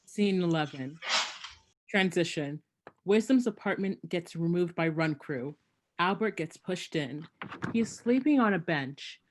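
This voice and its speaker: A reader calmly reading out stage directions for a play reading. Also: medium pitch, a little slow, background noise.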